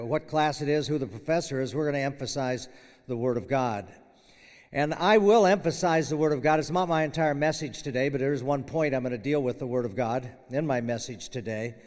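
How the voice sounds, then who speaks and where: Older man preaching in a reverberant chapel. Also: on the high side. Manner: conversational, halting with fillers and restarts, chuckles. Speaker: retiring professor giving chapel message. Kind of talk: farewell chapel sermon. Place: university chapel hall. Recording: long hall reverb.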